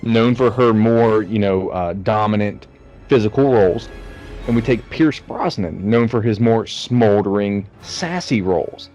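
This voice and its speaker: A man's voice: on the low side, a little slow, a little mellow, muffled recording, soft background music. A man co-hosting a casual movie review podcast, joking and swearing freely. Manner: profane, jokey. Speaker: podcast co-host.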